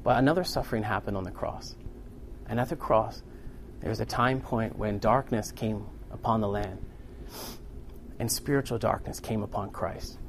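A man preaching a sermon to a congregation in a room, earnest and building to loud, emphatic peaks. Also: on the low side, moderate pace, a little hiss or hum.

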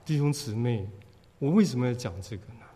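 A man's voice: mid-range voice, animated, warm tone. Male preacher, earnest, stops so his interpreter can follow, long hall echo. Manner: earnest, pauses for translation, drops in English words. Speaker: pastor. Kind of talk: sermon with interpreter.

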